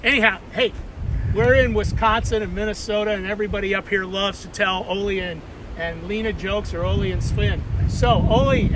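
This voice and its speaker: A man's voice: high-pitched, background noise. A man, a pastor, telling folksy jokes and preaching a worship message outside in a meadow by the water.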